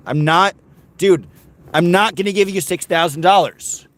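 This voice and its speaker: A man's voice: high-pitched, moderate pace, a bit bright. A man rambling to his live-stream chat while driving, sarcastic and joking. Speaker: livestreamer. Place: in a car, driving.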